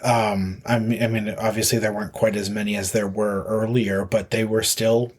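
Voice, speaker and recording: A man's voice: on the low side, little pitch movement, moderate pace, husky. A man, a podcast guest telling a long story casually, full of fillers and restarts. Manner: rambling with many fillers and restarts. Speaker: podcast guest, marathon runner.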